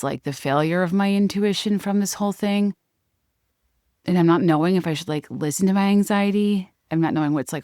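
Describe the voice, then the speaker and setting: A woman podcast host with a somewhat low voice tells a story in a loose, chatty ramble, full of fillers and false starts. The sound is close and dry, with no room around it. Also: a little mellow, dry recording. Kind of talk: casual solo podcast storytelling.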